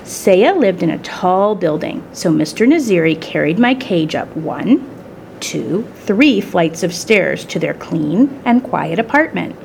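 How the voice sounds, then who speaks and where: A woman reading a children's story aloud in the first person, with expressive storytelling. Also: fairly low pitch, a little slow, vocal fry, slight background noise. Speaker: storybook reader.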